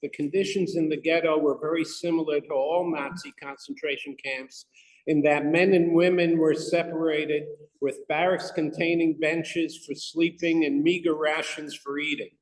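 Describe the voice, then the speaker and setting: Halting man in a reverberant hall. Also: on the high side, fairly even intonation. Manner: hesitant, halting, with many restarts. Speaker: lay speaker giving a talk. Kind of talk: reading a prepared talk to a congregation. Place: synagogue room. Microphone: microphone not working.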